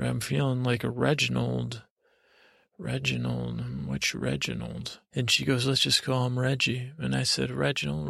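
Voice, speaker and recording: Man, podcast host, mid-pitched and very gravelly; meandering, sleepy, halting bedtime storyteller; dry close-mic sound. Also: a bit bright, no room sound.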